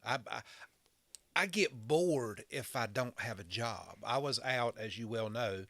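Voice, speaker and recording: Bright Southern man in his fifties. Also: mid-range voice, measured pace, dry recording. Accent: Southern US, North Carolina. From western North Carolina. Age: 50s. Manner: folksy, joking, restarts words. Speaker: fire chief, podcast guest. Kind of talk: casual chat.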